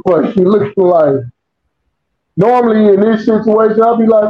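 High-voiced man in a roomy, dull recording. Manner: joking, quick comebacks. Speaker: podcast co-host. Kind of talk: casual chat.

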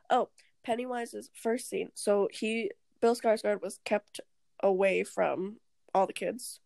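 A woman's voice: mid-range voice, steady tone, slow, creaky, dark tone, dry recording. A young woman co-hosting a podcast, chatting casually about a movie, laughing often and acting out lines from scenes. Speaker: podcast co-host. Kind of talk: casual movie recap chat.

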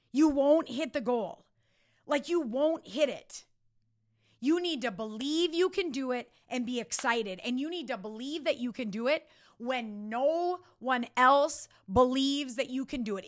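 A woman hosting a podcast, giving a motivational talk with energy and emphatic repetition. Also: on the high side. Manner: energetic, emphatic, repeats key points. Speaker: podcast host.

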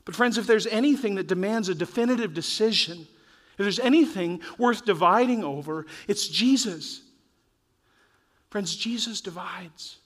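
Male pastor, high voice, earnest and urging, rises and drops between loud and soft. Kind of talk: sermon.

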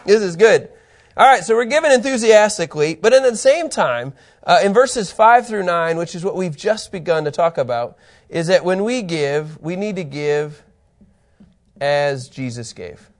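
Male pastor, slightly high, very expressive voice, teaching scripture with playful asides to the room. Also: moderate pace. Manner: animated, playful with the congregation. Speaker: pastor teaching a Bible lesson. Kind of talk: sermon-style Bible teaching.

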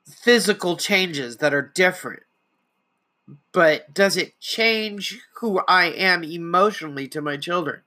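A woman's voice: fairly low pitch, bright, forceful tone. A middle-aged trans woman hosting a solo podcast, talking in a conversational, reflective way about parenting and often acting out quotes. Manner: conversational, reflective, with frequent restarts and acted-out quotes. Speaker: podcast host.

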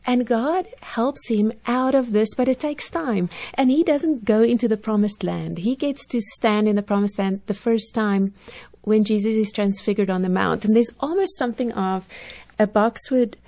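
A woman's voice: fairly high pitch, moderate pace. A woman talking about children's personalities on a faith-based parenting podcast, laughing often and acting out a child's complaints. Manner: animated, laughs often, acts out children's voices. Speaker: parenting podcast guest expert. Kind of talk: casual Christian parenting talk.

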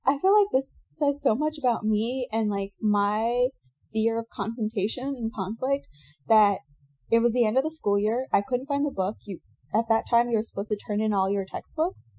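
A woman telling a personal story in casual chat, animated and laughing often, acting out what people said. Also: on the high side, normal speed, no echo.

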